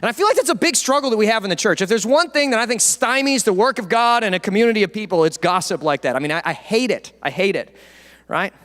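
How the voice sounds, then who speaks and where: A man's voice: high-pitched, animated, fast, a bit bright. A man preaching a casual, joking sermon as pastor. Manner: casual, joking, acts out quotes. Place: church sanctuary. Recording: long church reverb.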